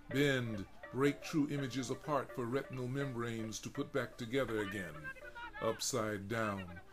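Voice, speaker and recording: A male narrator reads his own first-person prose with unhurried, deliberate weight. His voice sits at an ordinary pitch and paints each scene vividly. Marimba music plays steadily behind him. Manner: slow, deliberate, vivid delivery.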